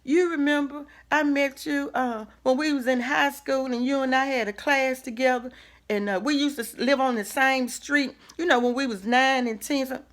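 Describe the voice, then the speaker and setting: A woman's voice: high voice, fairly even intonation, normal speed. A middle-aged woman, giving a folksy, preacherly motivational talk full of asides and rhetorical questions. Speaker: host. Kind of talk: casual motivational talk to camera.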